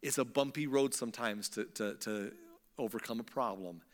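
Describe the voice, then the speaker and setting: A man voicing God as a calm, confident figure who reassures in a soft, low, relaxed way. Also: normal speed, big-room sound, natural voice. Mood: reassuring.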